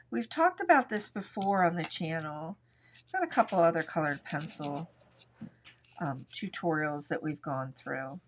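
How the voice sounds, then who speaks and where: A woman hosting a live art tutorial, chatting in a relaxed way and describing each pencil stroke as she colors at her craft desk. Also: lowish voice. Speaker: art instructor.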